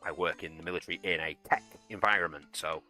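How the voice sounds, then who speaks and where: A man's voice: low voice, steady tone, fast talker, pushed and bright, faint music behind. A young man streaming a game, chatting bluntly and swearing as he rambles. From United Kingdom. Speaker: gaming streamer and soldier. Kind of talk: casual chat while gaming and reading chat.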